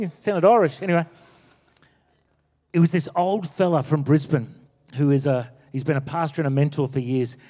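Preacher in an echoey hall. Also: male voice, mid-range voice. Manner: animated storytelling, acting out quotes. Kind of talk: sermon. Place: church.

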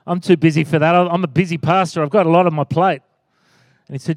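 Animated high-voiced pastor. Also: male voice, brisk, pauses often, no echo, studio quality. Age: 40s. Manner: animated, rising to loud exclaims and calls for amen. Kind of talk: sermon.

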